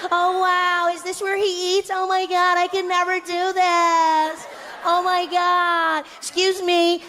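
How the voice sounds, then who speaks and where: A man's voice: extremely high pitch, bright, forceful tone, slight background noise, voice pushed up, heavily acted. A man putting on the voices of gawking tourists who gush breathlessly and draw out their exclamations. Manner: breathless gushing, drawn-out exclamations. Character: gushing, gawking tourists in a tour group.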